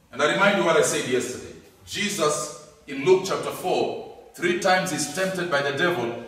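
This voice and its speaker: A man preaching a sermon, emphatic, repeating key words and swinging between loud and soft. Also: fairly high pitch. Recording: echoey hall, distant mic.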